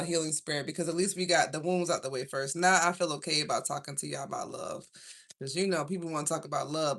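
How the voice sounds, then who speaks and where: A woman with a Southern US accent, chatting casually through a live tarot reading from home, slangy and quick to laugh. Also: low voice, vocal fry, fairly bright tone. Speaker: tarot reader.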